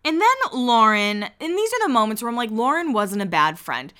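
A woman hosts a casual recap chat, running through a reality show scene by scene. Her voice sits a little high and rings bright and crisp. She stays candid and chatty, swears without a second thought and slips into quick quoted lines. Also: sing-song. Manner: chatty and candid, swears freely, acts out quotes with jumps in pitch.

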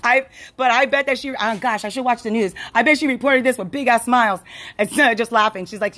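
A woman's voice: fairly high pitch, brisk, fairly bright tone. A woman hosting a casual solo podcast, rambling with frequent laughs, restarts and fillers. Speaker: podcast host.

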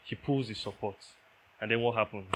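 A man's voice: lowish voice, brisk, a bit bright, slight background noise. A man preaching a sermon, emphatic, repeating key phrases and checking that listeners understand.

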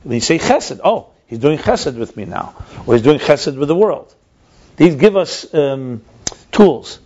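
A man's voice: a little high, expressive, measured pace, a little mellow. A man explaining ideas in a conversational teaching style, emphatic and repeating his key points. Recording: dull lo-fi recording.

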